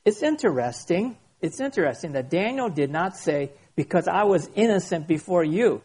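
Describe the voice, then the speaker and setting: Guy pastor giving a sermon, kinda husky, expressive, slows way down for the bible verses. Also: high-pitched. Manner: expressive, reads scripture aloud slowly and dramatically.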